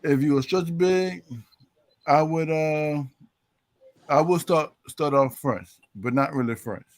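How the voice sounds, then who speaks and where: A man's voice: a little high, takes it slowly, no room sound, poor audio. A man calling in to a sports talk stream, often repeating words as he builds his point. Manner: repeats words while getting going. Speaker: caller.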